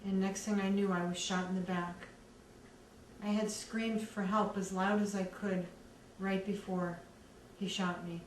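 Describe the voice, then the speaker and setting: Slow, earnest woman in echoey room. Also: medium pitch, flat delivery. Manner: earnest, measured recounting with many pauses. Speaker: survivor telling her own story. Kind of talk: personal testimony. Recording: echoey room, distant mic, faint background noise.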